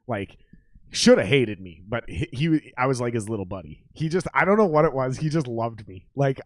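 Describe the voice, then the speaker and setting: A man's voice: medium pitch, expressive, normal speed, no echo. Guy hosting a podcast, swears a lot and laughs, dry close sound. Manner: profane storytelling, laughs often. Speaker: podcast host. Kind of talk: casual chat.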